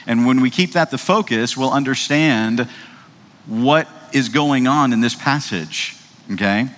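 Male pastor, mid-pitched, chatty sermon delivery with lots of "uh" and "right?", long church-hall echo. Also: unhurried, a bit bright. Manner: conversational, frequent fillers and tag questions; reads scripture aloud in old-fashioned wording.

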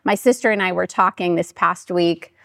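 A woman's voice: lowish voice, moderate pace, creaky, no room sound, clean studio sound. A middle-aged woman, a pastor's wife, giving a chatty storytelling talk to her church and acting out what people said. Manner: chatty and animated, acting out quoted voices.

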